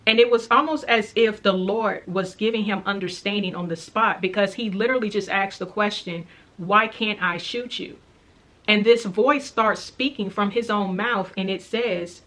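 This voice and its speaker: A woman's voice: mid-range voice, fairly bright tone. Earnest woman recounting a dream. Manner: earnest, reflective, recounting slowly with repetitions. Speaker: faith vlogger sharing a dream. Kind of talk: casual spoken storytelling.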